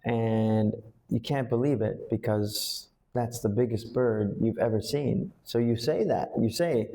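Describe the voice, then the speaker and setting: A man, an English teacher, coaching a student through lines for a school play with slow, patient explanations. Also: mid-range voice, dark tone.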